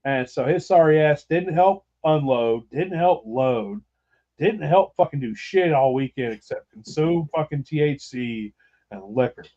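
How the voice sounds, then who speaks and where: Male podcast host, slightly high voice, loose profane storytelling, muffled lo-fi audio. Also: animated, measured pace, dark tone. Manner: rambling, profane, laughing storyteller. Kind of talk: casual storytelling chat.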